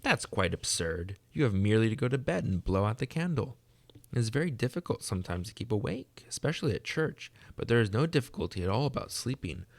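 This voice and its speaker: A man reading aloud, voicing an earnest, gentle young girl in a raised voice. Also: sing-song, a little fast, creaky. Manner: raised pitch, bright and eager.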